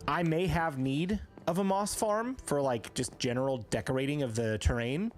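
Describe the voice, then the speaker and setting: A man's voice: a little high, moderate pace, faint music behind. A man streaming a game live, chatting casually and answering viewers as he plays. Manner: chatty, reads chat aloud and answers viewers. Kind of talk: live gameplay stream chat.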